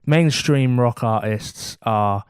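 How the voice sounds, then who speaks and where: A man who teases and banters as a podcast co-host, trading quips in easy comedic chat. His voice is clear and smooth at a middle pitch. The sound is dry and close, with no room around it. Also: dry recording. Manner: teasing, bantering, quick to laugh.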